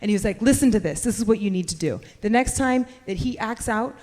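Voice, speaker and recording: A woman performing a stand-up comedy set, telling brash, profane stories and shouting her punchlines. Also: on the high side, animated, quick pace. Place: comedy club stage in front of a live audience. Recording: live club recording with reverb and crowd noise. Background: audience laughter.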